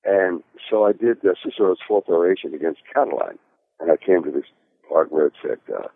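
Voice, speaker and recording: A male actor tells a story in an easygoing, rambling way. His voice sits very low. The sound is thin and phone-like, with no room echo. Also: expressive, a little fast, vocal fry. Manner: rambling, with many fillers and restarts. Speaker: actor guest in an interview. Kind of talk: casual anecdotal storytelling. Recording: tinny phone-like call audio.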